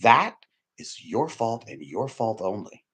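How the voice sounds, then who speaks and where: A man's voice: lowish voice, very animated, takes it slowly, fairly bright tone, husky. Rambling emphatic male preacher. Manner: rambling, repeats himself, restarts sentences. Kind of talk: informal sermon.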